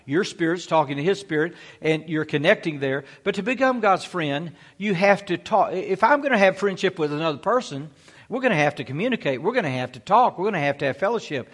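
A man's voice: sits high, lively intonation, a little fast, fairly bright tone, slightly rough, long reverb tail. A male pastor preaching a sermon, exhorting his listeners with rhetorical questions and frequent "amen" calls.

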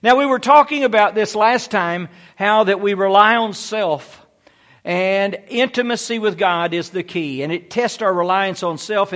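A middle-aged male pastor with a notably high voice delivers a sermon. He preaches emphatically and tells stories dramatically, stressing key words. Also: a bit bright.

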